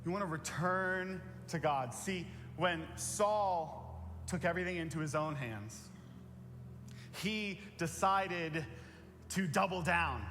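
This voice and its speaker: Pastor, man, slightly high voice, conversational sermon with repeated key lines, long church reverb. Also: unhurried, fairly bright tone, a little hiss or hum. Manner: earnest, plain-spoken, repeats key phrases. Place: church sanctuary.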